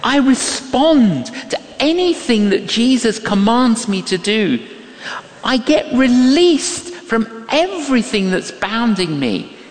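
A man's voice: very high voice, very animated, takes it slowly. An older man preaching a sermon, telling a story with emphasis, repeating key phrases and acting out what people said. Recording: echoey hall with long reverb.

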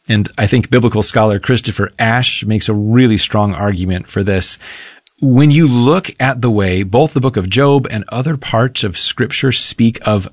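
A man preaching a sermon in an earnest, measured way, reading scripture passages aloud. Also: fairly low pitch, no room sound.

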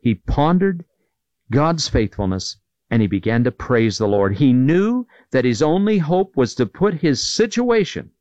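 Earnest preacher man with lively pitch. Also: a little slow, no echo, highs cut off. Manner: earnest, rising emphasis on scripture quotes. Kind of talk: sermon.

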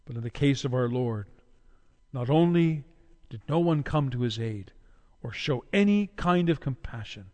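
A man preaching a sermon with dramatic delivery, swinging from loud cries to hushed low tones and slowing down for emphasis. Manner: slows down for emphasis. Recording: long hall reverb.

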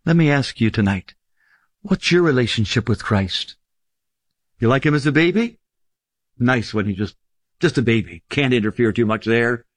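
A man preaching a sermon in an emphatic style, lifting his voice for stress and slowing down on key phrases. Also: no room sound. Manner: emphatic, swings pitch widely for stress, slows on key phrases.

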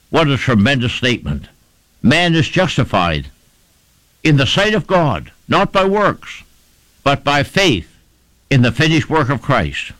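A man's voice: mid-range voice, fairly bright tone, no echo, poor audio. A man preaching a sermon, stressing his points and repeating phrases in rhythmic lists.

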